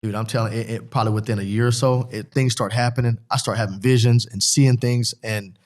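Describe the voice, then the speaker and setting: A man's voice: mid-range voice, steady tone, brisk, a little mellow. A middle-aged man from Pennsylvania, a former football player as guest, telling an emotional personal testimony in a rambling, earnest way that keeps repeating itself.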